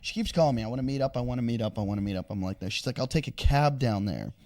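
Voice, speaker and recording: Talking very fast with lively intonation, a man with a medium-pitched, slightly mellow voice tells a long, profane story on a laid-back podcast. He's a comedian, and he rambles and chuckles throughout.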